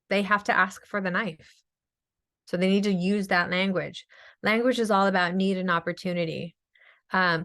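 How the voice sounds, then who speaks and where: Fast-talking, chatty woman speech therapist. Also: mid-range voice. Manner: fast, energetic, chatty with many fillers. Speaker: speech-language pathologist presenter. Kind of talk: webinar presentation.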